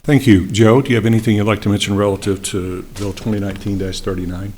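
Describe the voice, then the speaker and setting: A man's voice: fairly low pitch, level tone, a little mellow, faint music behind. A man serving as mayor, chairing a city council meeting in a formal, procedural way, speaking into a desk microphone in the council chamber. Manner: brisk, procedural, with frequent fillers.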